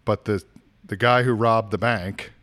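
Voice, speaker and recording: A man with a fairly low voice, talking loosely as a podcast co-host. He rambles, backtracks and restarts while he recommends shows in relaxed chat. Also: unhurried. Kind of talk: casual chat.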